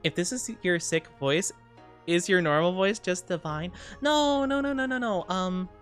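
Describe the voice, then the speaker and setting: Brief: low-voiced young woman streamer, under the weather, giggly and rambling, faint music behind. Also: normal speed. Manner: giggly, rambling, self-conscious. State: sick, dizzy, under the weather. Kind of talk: casual chat.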